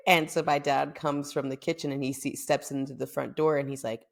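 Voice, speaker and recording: Young american woman chatting on her podcast, low voice with lots of vocal fry, super animated. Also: fairly quick, hardly any pauses. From United States. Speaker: podcast host. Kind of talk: casual storytelling.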